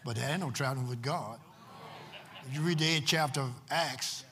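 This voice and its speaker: A man preaching a sermon, swinging from shouts to low murmurs and repeating lines for emphasis. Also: moderate pace. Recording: long hall reverb.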